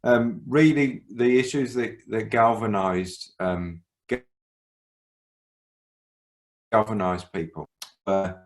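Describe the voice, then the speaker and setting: Co-chairing a community workshop on a video call, a man talks in a hesitant way, often pausing and starting over. His voice sits on the low side with fairly even intonation.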